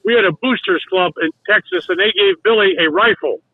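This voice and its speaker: A man's voice: sits high, big pitch swings, a little fast, creaky, dry recording. An older man, a retired baseball coach, telling long rambling stories with restarts and acted-out quotes. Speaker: guest, former baseball coach. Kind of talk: casual storytelling. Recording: dry, tinny phone-like sound.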